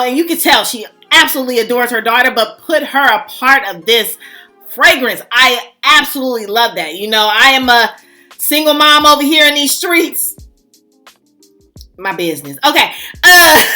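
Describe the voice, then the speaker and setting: Brief: high, bright woman, animated gushing vlog host, faint music under. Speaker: fragrance channel host. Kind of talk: casual chatty vlog.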